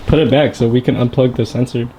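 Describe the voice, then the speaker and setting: A man's voice: medium pitch, steady tone, fast talker. A man helping friends work on a car in a home garage, cracking jokes as they go. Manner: wisecracking. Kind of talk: casual banter. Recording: noisy garage, ratcheting tools.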